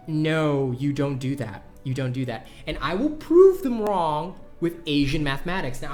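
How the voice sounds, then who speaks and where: An excitable man with a fairly high voice gives casual gameplay guide commentary. He rambles, swears freely and trips over repeated words, with faint background music behind him. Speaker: gaming YouTuber.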